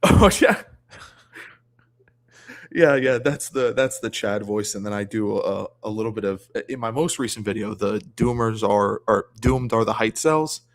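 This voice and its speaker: A man's voice: fairly low pitch, moderate pace, few pauses. A man chatting casually as a guest on a livestream, rambling with many restarts. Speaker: guest streamer.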